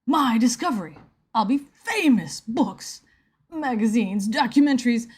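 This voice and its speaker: A woman's voice: on the high side, animated, unhurried, husky. A woman reading aloud as an arrogant male scientist from a comic tract, in a pompous, self-important tone. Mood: boastful.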